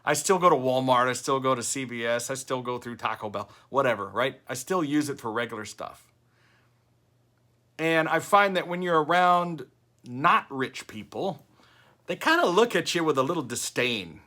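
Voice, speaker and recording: An older man vlogging in a casual talking-head style, chatty and animated as he tells stories. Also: mid-range voice, moderate pace. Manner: chatty, animated storytelling with quoted voices. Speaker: vlogger host.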